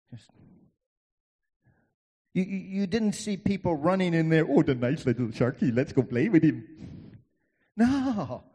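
A male pastor preaching a sermon, driving points home with repetition, swinging between loud and hushed, with folksy asides to the congregation. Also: fairly high pitch, long reverb tail.

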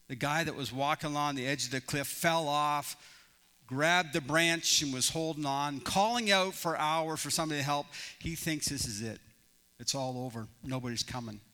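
A man's voice: on the high side, sharp tone. A male pastor preaching a sermon in an earnest storytelling manner, often restarting his phrases. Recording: long reverb in a large hall.

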